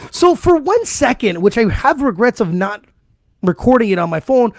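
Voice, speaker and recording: Podcast co-host, male, high and gravelly, swears freely, laughs through his stories. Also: big pitch swings, normal speed, a little mellow, dry recording. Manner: profane, laughing storyteller. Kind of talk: casual podcast chat.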